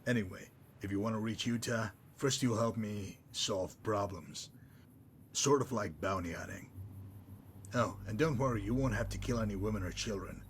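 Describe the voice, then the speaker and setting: A man voicing a smug, sardonic male messenger-mercenary in a game, dry and mocking in manner, wordy and unhurried. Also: on the low side, slight background noise, natural voice. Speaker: game character. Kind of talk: voiced game dialogue.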